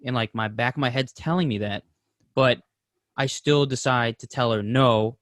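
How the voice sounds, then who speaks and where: A man's voice: mid-range voice, steady tone, moderate pace, no echo, clean studio sound. A man co-hosting a casual podcast, talking openly and rambling, swearing freely. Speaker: podcast co-host.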